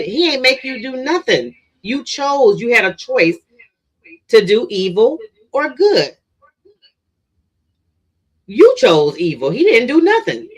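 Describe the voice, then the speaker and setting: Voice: high-pitched, big pitch swings, a little slow, pauses often, fairly bright tone. A guest on a live-stream talk show, rambling casually and restarting sentences.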